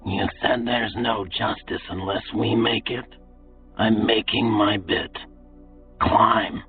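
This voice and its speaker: A man voicing a gruff, brutal male slave overseer who talks in a low, menacing whisper. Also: little pitch movement, slow pace, exaggerated voice. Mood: stern. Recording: tinny phone-like, distant, faint music.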